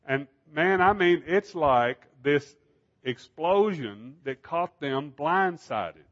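A man's voice: fairly high pitch, expressive, takes it slowly, dull audio. A man preaching a Bible study sermon in an emphatic style, asking rhetorical questions.

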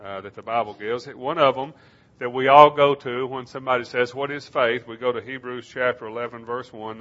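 A man preaching a sermon, slowing down to stress key phrases in a measured, emphatic delivery. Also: medium pitch, fairly bright tone. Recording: dull lo-fi sermon recording.

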